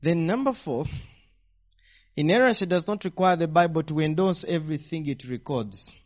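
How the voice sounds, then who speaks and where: A man preaching a teaching sermon, animated and firing rhetorical questions at the congregation. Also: fairly high pitch, normal speed. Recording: dull lo-fi sound.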